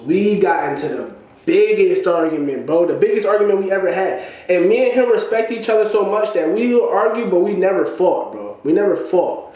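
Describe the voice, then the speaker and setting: Male storyteller from Massachusetts, animated and slangy, slightly high voice, booming room echo. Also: normal speed. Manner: animated, slangy, repeats "you know what I'm saying". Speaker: storyteller recounting a falling-out. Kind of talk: casual spoken storytelling. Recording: very echoey room.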